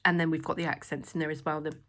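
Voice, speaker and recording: A woman with a slightly hoarse voice, walking through a craft product demo in a chatty, enthusiastic way. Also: low voice, little pitch movement, racing, a bit bright. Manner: chatty, enthusiastic, many fillers. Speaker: stamp designer presenting new products.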